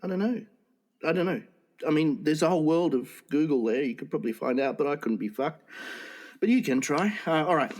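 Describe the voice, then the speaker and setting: A man's voice: fairly high pitch, lively intonation, brisk, a little mellow. Rambling man telling jokes, laughing. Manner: rambling joke-teller, laughs at his own punchlines. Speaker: podcast co-host. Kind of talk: casual comedy podcast chat.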